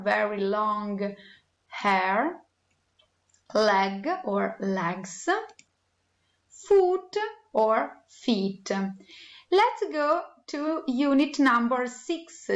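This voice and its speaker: A woman leads a children's English listening lesson. She names each word slowly and clearly in a slightly high voice. The room has a noticeable echo. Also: lo-fi sound. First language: Italian. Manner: slow, clear, deliberate naming. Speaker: English teacher for young children.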